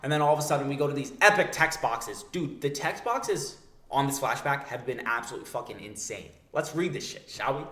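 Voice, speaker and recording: A man's voice: medium pitch, animated, a little fast, pushed and bright. A young man hosting a manga breakdown, with hyped, profane, slangy commentary. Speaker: manga breakdown video host. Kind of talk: excited, profane, casual commentary. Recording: echoey room.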